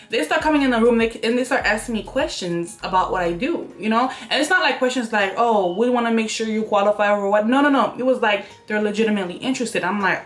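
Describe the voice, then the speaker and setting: Young woman doing a storytime vlog at home, chatty and animated, faint music behind. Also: on the high side. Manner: animated, talks straight to viewers, acts out quotes. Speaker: YouTuber telling a story. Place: room at home by an open window.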